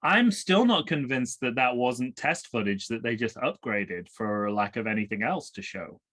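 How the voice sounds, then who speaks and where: A man's voice: mid-range voice, animated, moderate pace, fairly bright tone. A man co-hosting a podcast, chatting casually during a movie watch-along, rambling and correcting himself as he goes. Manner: rambling, self-correcting, trails off. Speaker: podcast co-host.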